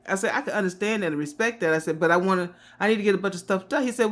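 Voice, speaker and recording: A woman in her fifties telling a casual story to camera, chatty and quick to laugh. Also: mid-range voice. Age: 50s. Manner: chatty, laughs often, quotes others in animated voices. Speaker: vlogger.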